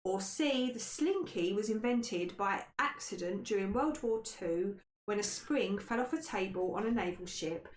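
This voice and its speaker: A woman's voice: medium pitch, expressive, a little slow. A woman hosting a history quiz podcast, reading out stories and tripping over tricky words. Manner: stumbles on hard words. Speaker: quiz host. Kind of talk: casual podcast chat, reading quiz questions. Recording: echoey room, faint noise.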